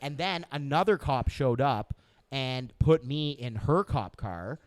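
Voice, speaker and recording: A young man, a comic and club owner, telling a story as a podcast guest in a loose, swearing, animated way. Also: medium pitch, takes it slowly. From Canada. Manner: animated, swearing, acts out voices in anecdotes. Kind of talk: casual chat, storytelling.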